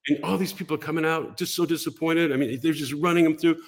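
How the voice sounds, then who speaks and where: An older man, a podcast guest, telling an animated story and acting out the other people in it. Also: a little high, fast.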